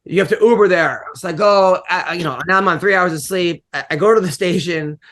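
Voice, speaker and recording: A middle-aged male comedian hosting a podcast, telling rambling, animated stories and laughing often. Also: high-pitched, brisk. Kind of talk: casual podcast chat, storytelling.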